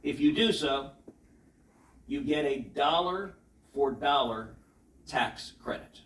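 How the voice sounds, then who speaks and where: A man's voice: medium pitch, animated, slow pace, a bit bright. A man, a senator, giving an emphatic public keynote speech with rhetorical questions and anecdotes, heard in a large hall. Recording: echoey hall, voice from far off, faint noise.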